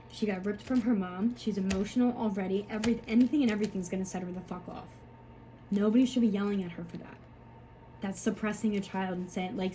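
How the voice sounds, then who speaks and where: A woman's voice: medium pitch, warm tone, a little hiss or hum, poor audio. A woman, a mother, talking to camera in a rambling, frustrated way, full of fillers and swearing. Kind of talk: emotional personal monologue.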